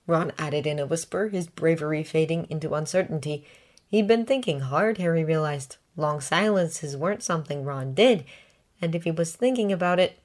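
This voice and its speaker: A woman reading a fan story aloud in a measured, even way, as scripted narration. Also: deep voice. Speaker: audiobook reader.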